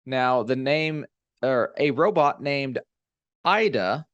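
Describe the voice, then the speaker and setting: A man's voice: medium pitch, expressive, slow, a bit bright, dry recording, dull audio. A man in a middle register reads a news story aloud between laughs and asides on a comedy podcast. The mic sound is dry and close. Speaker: podcast co-host. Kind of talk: casual comedy chat, reading news story.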